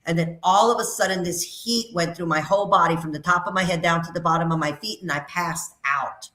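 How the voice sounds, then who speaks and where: This middle-aged woman works as a psychic medium on a call-in radio show, giving casual readings to callers. Her voice is on the low side, brisk and fairly bright, with a roomy sound, and she talks in a chatty, emphatic way, repeating her phrases.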